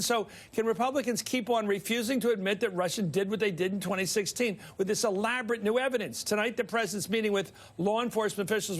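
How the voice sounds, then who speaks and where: An older male TV host with a Philadelphia accent and a notably high voice runs a studio panel. He wanders through his thoughts, breaking off mid-sentence and adding folksy asides. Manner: rambling, self-interrupting, folksy asides. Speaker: TV news host. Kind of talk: cable news panel talk.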